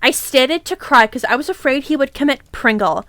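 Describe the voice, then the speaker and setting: High-voiced giggly swearing woman streamer. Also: moderate pace, few pauses, fairly bright tone, no room sound, studio quality. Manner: irreverent, swearing, giggly asides. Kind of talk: reading a fanfic aloud on stream.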